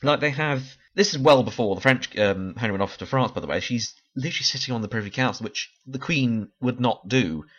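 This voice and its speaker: A man's voice: mid-range voice, expressive, brisk, hardly any pauses, a bit bright, highs cut off. A tired man talking through a casual, unscripted review, rambling, correcting himself and laughing often. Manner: chatty, rambling, frequent laughs and self-corrections. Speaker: TV series reviewer.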